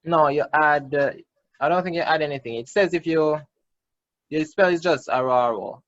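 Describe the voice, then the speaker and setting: A man's voice: on the high side, normal speed, no room sound, dull audio. A man with a Jamaican accent, the game master, explaining rules and describing outcomes. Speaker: dungeon master. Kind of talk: running a tabletop game.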